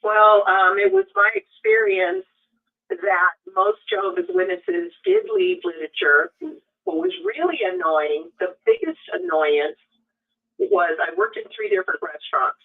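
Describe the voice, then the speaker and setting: A woman's voice: very high-pitched, sing-song, a little slow, vocal fry. A woman co-hosting a talk show, speaking in an indignant, emphatic way. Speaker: co-host. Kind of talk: casual radio talk. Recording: tinny phone line from a distance.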